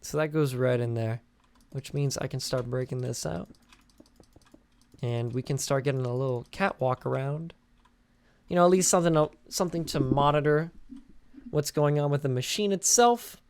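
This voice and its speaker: Tired and sleepy, a young gaming channel host rambles through a casual game-building commentary, full of fillers and restarts. His medium-pitched voice is a little mellow and clean, moving at normal speed with frequent pauses.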